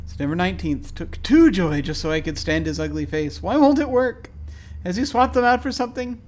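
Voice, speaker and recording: A paranoid, unhinged man pours out his diary, pitch shooting up and volume swelling into frantic, shrill outbursts, as a man reads him aloud. The voice is higher than the reader's own and grows more unsteady with each entry. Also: expressive, fairly quick. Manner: frantic, rising shrill and loud.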